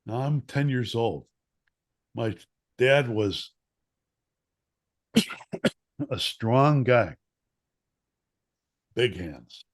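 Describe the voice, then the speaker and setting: A man telling a childhood story in casual conversation, animated and acting out quotes, with occasional coughs. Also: mid-range voice, drawn-out words, pauses often. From Chicago area. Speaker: guest, former newspaper columnist.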